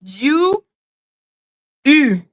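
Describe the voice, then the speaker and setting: A high-pitched woman with a French accent hosts a livestream in an animated, profane, mocking rant. Her voice swoops wildly up and down as she talks. She is a native French speaker using English. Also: drawn-out words. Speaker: livestream host. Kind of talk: ranting livestream commentary.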